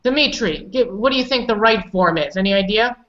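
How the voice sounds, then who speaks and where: A woman leads an online pronunciation lesson, patiently correcting and prompting her students. She speaks at a mid pitch. The sound is dull and lo-fi, like a video call. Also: lively intonation, a little fast. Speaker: English pronunciation teacher. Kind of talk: online class instruction.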